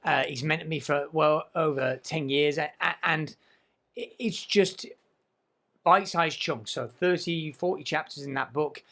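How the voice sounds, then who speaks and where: Male podcast host, slightly high voice, emphatic and keen, studio chat. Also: unhurried, a bit bright. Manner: emphatic, enthusiastic.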